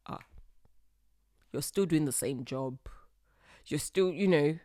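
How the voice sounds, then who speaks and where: A woman's voice: deep voice, slow, pauses often, no echo, clean studio sound. Blunt young woman. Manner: blunt, animated, confiding. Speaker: podcast host. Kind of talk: advice monologue.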